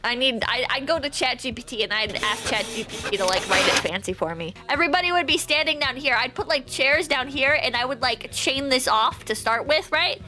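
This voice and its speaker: A woman's voice: high voice, expressive, fairly quick, few pauses, music in the background. A woman streamer in casual livestream commentary, rambling and joking with plenty of swearing. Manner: profane, rambling, jokey.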